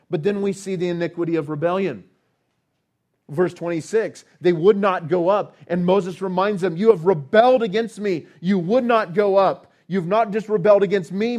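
A man preaching a sermon, rising to loud emphatic passages and dropping to quiet, drawn-out appeals. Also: mid-range voice.

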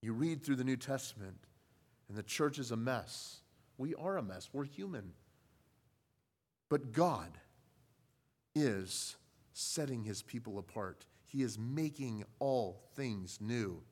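A man preaching a sermon, measured and deliberate, building from quiet, low passages to loud, emphatic ones. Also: expressive.

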